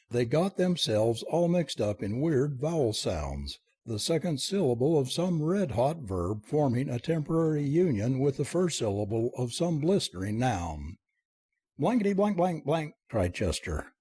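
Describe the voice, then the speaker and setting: A man narrating a comic story as an audiobook reader, reading in a lively, expressive way. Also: medium pitch, husky, no room sound.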